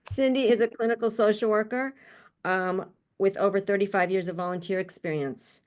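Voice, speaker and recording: Speaking unhurriedly in a medium-pitched voice with a darkish tone, a woman introduces guests on a video-call panel she's hosting. Her manner is chatty and friendly, peppered with laughter and asides.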